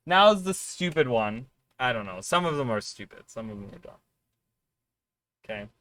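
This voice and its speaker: A man streaming live, chatting casually with his viewers in a rambling, excitable way and swearing freely. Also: mid-range voice, moderate pace.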